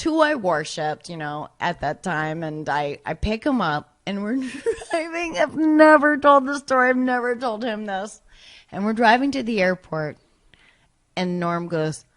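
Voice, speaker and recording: A woman guest on a podcast, casually telling a long embarrassing anecdote, rambling and interrupting herself. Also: mid-range voice. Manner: rambling, self-interrupting, animated when retelling. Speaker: podcast guest, former sketch comedy cast member.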